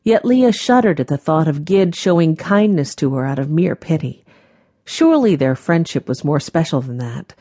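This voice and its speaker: A woman reading an audiobook as its narrator in a measured, gentle manner. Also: low voice, expressive, no room sound, clean studio sound. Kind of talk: scripted narration.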